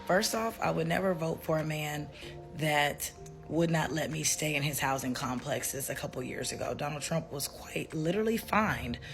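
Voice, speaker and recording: A woman's voice: low voice, moderate pace, music in the background. A woman making a social media opinion video, confident, cutting and argumentative.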